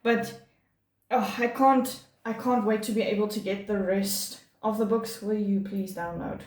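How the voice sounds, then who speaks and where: A woman's voice: mid-range voice, steady tone, unhurried, a little mellow. A woman talking casually to camera about her monthly reads, chatty and gushing, with lots of fillers and restarts. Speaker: book vlogger. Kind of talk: casual monthly reading wrap-up. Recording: echoey room.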